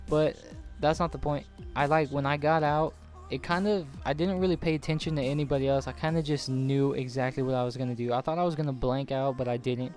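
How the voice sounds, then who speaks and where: A man's voice: medium pitch, fairly even intonation, a little fast, a little mellow, soft background music. A young man in his late teens telling a personal story casually over gameplay, rambling and swearing with lots of "like". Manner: rambling, profane, full of "like". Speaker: gaming channel host.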